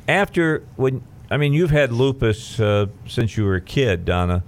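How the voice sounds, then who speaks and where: Animated and medium in pitch, this man hosts a radio talk show, talking with guests haltingly and conversationally, with many fillers and cheerful station breaks in between.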